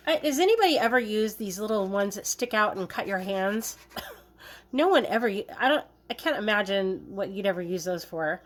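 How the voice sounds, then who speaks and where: A cooking vlogger hosts a video from her home kitchen, chatting casually and joking playfully as she works. Her voice sits at a medium pitch, animated, at a moderate pace.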